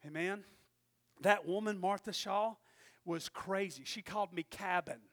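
A man in his forties preaching a sermon, telling a story animatedly and swinging from hushed asides to shouted lines, with calls of "Amen?". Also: sits high, a little slow.

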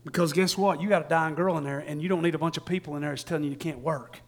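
A man preaching a sermon, folksy and laughing often, swinging from shouts to hushed tones and acting out quotes. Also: a little high, fairly even intonation, rapid-fire.

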